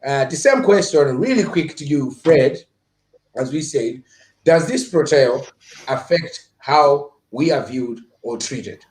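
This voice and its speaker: A man from Malawi hosting a casual podcast chat, telling stories in an animated, playful way and laughing along as he talks. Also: fairly high pitch, slow, reverberant. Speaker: podcast host.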